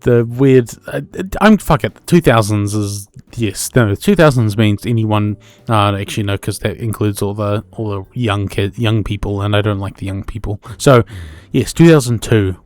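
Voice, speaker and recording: A man's voice: fairly low pitch, moderate pace, few pauses, a little mellow, no room sound. A man in his twenties with a New Zealand accent, hosting a solo podcast in a rambling, self-correcting way and swearing casually. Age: 20s. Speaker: podcast host.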